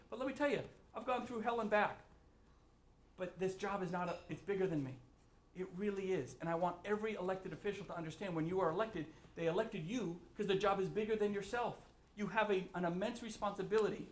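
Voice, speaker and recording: A man holds forth as a governor, blunt and ranting, voice pitched high for a man. He speaks fast, and the large room around him rings with echo. A soft ambient hiss sits behind him. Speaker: state governor speaking at a forum. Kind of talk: impassioned public remarks. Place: large echoey room with an audience. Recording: roomy echo.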